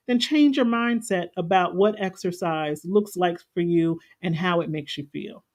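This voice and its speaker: A woman's voice: mid-range voice, moderate pace, few pauses. A woman spiritual coach giving an earnest, folksy, conversational talk on a live stream. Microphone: live stream setup.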